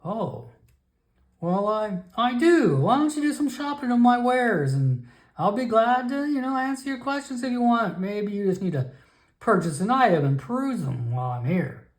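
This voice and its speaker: Man doing a pushy potion merchant, higher-pitched and lively, slow wheedling pitch. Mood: coaxing. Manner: wheedling sales patter, calls everyone my friend. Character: pushy male merchant alchemist, chatty salesman.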